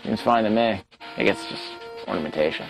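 A man's voice: on the low side, a little fast, faint music behind, poor audio. A man giving casual, self-critical commentary as he plays a retro game, talking to himself. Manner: chatty, self-critical, talks to himself while playing. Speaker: let's play host.

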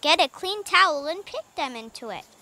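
A woman voicing a kind, motherly older sister who speaks gently and reassuringly. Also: sits high, animated, moderate pace, heavily acted. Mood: gentle.

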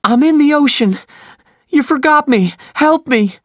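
A man voicing a frightened boy who cries out for help, his voice pushed very high. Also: lively intonation, unhurried, fairly bright tone, no room sound, clean studio sound, full character voice. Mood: panicked. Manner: high, crying out.

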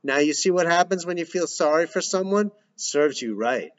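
A man's voice: on the high side, animated, moderate pace, dry recording, voice pushed up, lightly acted. A man voicing a short-tempered, sarcastic father who barks at his kids. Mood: gruff. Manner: barking, sarcastic. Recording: dull lo-fi recording.

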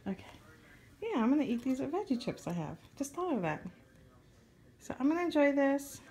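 A woman's voice: high-pitched, sing-song, normal speed, a little mellow. A woman in her thirties talking casually to a handheld camera, venting and tired, often from her car. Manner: chatty, venting, tired then upbeat. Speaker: vlogger. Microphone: handheld camera at arm's length.

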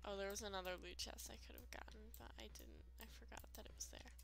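A woman's voice: mid-range voice, sing-song, quick pace, vocal fry, a bit bright, faint music behind. A woman giving casual, rambling let's-play commentary, full of fillers and self-deprecating asides. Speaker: gaming video creator.

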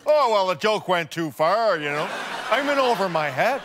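Guy doing a high-voiced flustered politician, says eh a lot, noisy recording. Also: very animated, moderate pace. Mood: sheepish. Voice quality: folksy, drops "eh" into speech. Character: blustering male politician, secretly a nervous Canadian. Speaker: interview guest. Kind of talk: sketch comedy acting.

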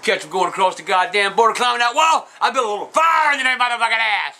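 A man doing a shrill, foul-mouthed old trailer-park grouch. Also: lively intonation, quick pace, pushed and bright, exaggerated voice, low-quality recording. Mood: grumbling. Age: older. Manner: profane, rambling, insulting ranting. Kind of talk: comedic character Q&A.

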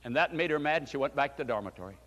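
A man's voice: medium pitch, lively intonation, very fast, fairly bright tone. An older man, a pastor, preaching a storytelling sermon with fervent emphasis. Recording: long hall reverb.

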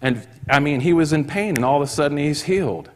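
A man preaching a sermon in church, telling a story and acting out the voices of the people in it with rising excitement. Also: a little high, brisk. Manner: acts out quoted voices, rising to excited shouts. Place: church hall. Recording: long hall reverb.

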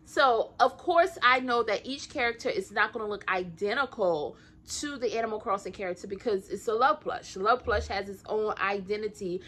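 A woman's voice: mid-range voice, moderate pace, hardly any pauses, a bit bright. A woman with a Southern US country accent, chatting casually and encouragingly to camera about her crochet work, laughing often. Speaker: crochet vlogger.

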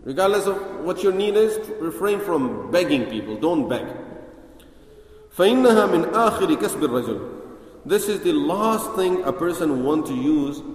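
A man delivering a religious lecture in a big echoey hall, where each phrase trails off in a long reverb. He rattles off Arabic lines at speed, then slows down to explain them patiently in English. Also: on the high side, lively intonation. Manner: reads Arabic text fast, then explains it slowly in English. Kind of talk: Islamic lecture explaining hadith.

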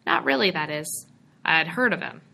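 A woman's voice: low-pitched, expressive, gravelly, pushed and bright, full character voice. A woman reading as an anxious young man. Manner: breathless, halting.

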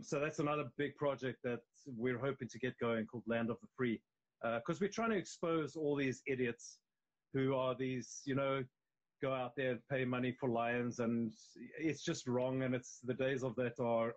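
A man's voice: medium pitch, steady tone, normal speed, muffled recording. A man with a South African accent, an actor chatting loosely as a guest on a live video interview. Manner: loose and conversational, with many restarts. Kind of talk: casual interview chat.

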